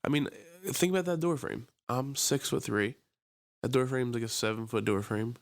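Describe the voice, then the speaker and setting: A young man co-hosting a podcast, telling a long story in casual chat, swearing freely and breaking into high voices when he quotes people. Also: moderate pace, vocal fry, no room sound, studio quality. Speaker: podcast co-host. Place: small room, in person with co-host.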